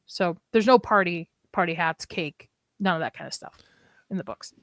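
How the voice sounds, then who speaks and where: A woman's voice: on the low side, moderate pace, fairly bright tone, dry recording. A woman co-hosting a casual live discussion, chatting and reading her notes aloud with frequent restarts. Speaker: podcast co-host.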